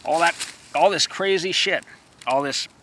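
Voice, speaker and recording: Stammering, ranting man with a bright voice. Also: on the high side, unhurried, a little hiss or hum. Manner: stammering, repeating words, erupting into profane rants. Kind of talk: rambling monologue.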